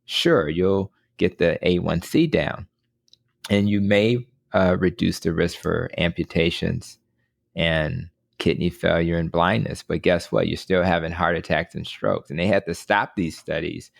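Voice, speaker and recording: A man's voice: sits low, fairly even intonation, a little slow, gravelly, dry recording, clean studio sound. A man hosting a podcast and interviewing a guest, earnest, often repeating words as he starts a sentence. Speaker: podcast host, physician. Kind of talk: conversational interview.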